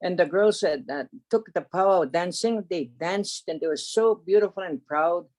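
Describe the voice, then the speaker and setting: Older woman telling stories haltingly. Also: lowish voice, a little mellow. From Canada. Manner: halting, with many restarts, fillers and a tag "eh?". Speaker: elder storyteller. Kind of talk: unscripted spoken storytelling.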